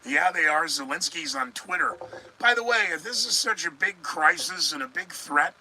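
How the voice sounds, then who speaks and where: A man's voice: fairly high pitch, lively intonation, moderate pace, bright, forceful tone, low-quality recording. A middle-aged man hosting a live news commentary podcast, sarcastic and rambling, talking back to his viewers as he goes. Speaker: podcast host.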